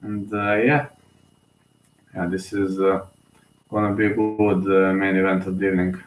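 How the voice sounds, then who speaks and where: A man's voice: deep voice, little pitch movement, moderate pace, echoey room, low-quality recording. A young man, giving casual solo live commentary on a fight, emotional and rambling, full of fillers and restarts, sleepy.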